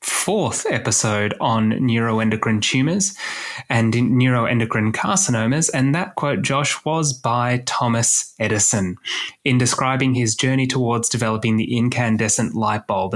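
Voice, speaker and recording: A man co-hosting an oncology podcast, explaining topics in a measured way with dry jokes. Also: medium pitch. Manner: measured, explanatory, dryly joking. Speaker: podcast co-host. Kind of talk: casual medical podcast chat.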